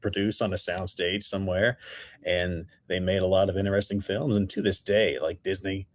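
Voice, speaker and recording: A man's voice: deep voice, normal speed. A man co-hosting a podcast, looking things up and steadily sharing facts in casual chat. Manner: steady, informative, reads facts aloud. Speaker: podcast co-host, researcher.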